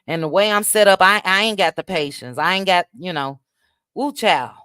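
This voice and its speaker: Midwestern lady chatting on her livestream, reads the comments and thanks folks by name, smooth voice, dry close sound. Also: lowish voice, brisk, sharp tone, dry recording. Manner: chatty, thanks viewers by name, drops "child" asides. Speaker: livestream host. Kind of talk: casual livestream chat reading viewer comments.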